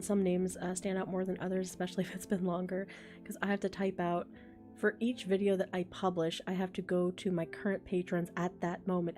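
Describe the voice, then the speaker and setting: A woman's voice: fairly low pitch, darkish tone. A young woman who makes voice recordings, chatting casually on a live stream, reading chat comments, thinking aloud and laughing often. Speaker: ASMR voice creator streaming live. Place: home, a train passing outside.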